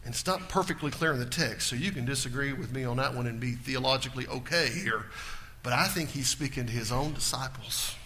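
Pastor guy preaching in a church, goes loud then hushed, bright piercing tone. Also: mid-range voice, a little fast, slight background noise. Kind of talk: sermon.

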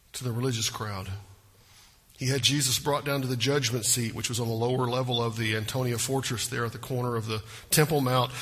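A man's voice: medium pitch, pushed and bright, slightly rough. A male pastor preaching a sermon with emphasis and rhetorical questions, recorded in a church sanctuary. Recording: long reverb of a large hall.

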